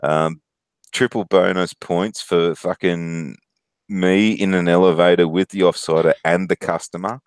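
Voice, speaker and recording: A man's voice: low-pitched, fairly even intonation, unhurried, clear, resonant tone, no room sound. A man in his thirties with an Australian accent, telling profane, laughing stories on a casual stream. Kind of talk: casual storytelling.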